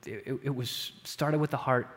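A middle-aged man preaching a sermon in a conversational way, often asking "right?" and moving between loud, lifted passages and hushed ones. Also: mid-range voice, normal speed. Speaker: pastor. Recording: long hall reverb.

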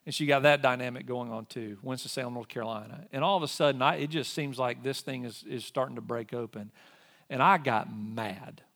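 A man's voice: medium pitch, fairly even intonation, fast talker, gravelly, few pauses, fairly bright tone. A man in his forties, a pastor telling a personal story in a sermon and acting out both sides of an argument. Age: 40s.

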